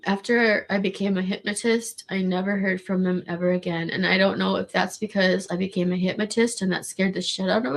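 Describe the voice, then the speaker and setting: A woman with a gravelly voice, rambling casually in a monologue with restarts and swearing. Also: medium pitch. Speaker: vlogger.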